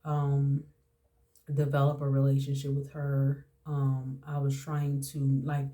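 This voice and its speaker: Her voice rumbles low in a slow monotone, warm throughout. Around forty, she hosts a podcast and recounts something personal with raw emotion, circling back to the same points often.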